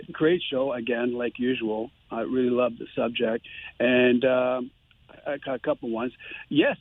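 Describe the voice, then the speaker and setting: A man calling in to a radio show, talking in a rambling, halting way full of fillers. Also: mid-range voice, no room sound. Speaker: radio caller. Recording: tinny phone line.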